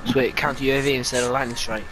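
A man's voice: mid-range voice, level tone, racing, fairly bright tone. Young British male teammate, terse callouts, noisy chat line. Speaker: gamer. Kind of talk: casual gaming chat. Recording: noisy game chat mic.

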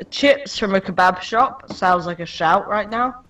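A tipsy gamer talks slowly and a little slurred between giggles. Loud game gunfire plays underneath. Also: mid-range voice. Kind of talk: casual chat while playing and drinking. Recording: game gunfire noise behind.

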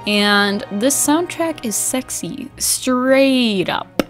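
A young woman vlogger chatting casually about a game, bubbly and animated, laughing often and acting out her old reactions. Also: sits high, drawn-out words, soft background music. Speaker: gaming vlogger. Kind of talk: casual chat.

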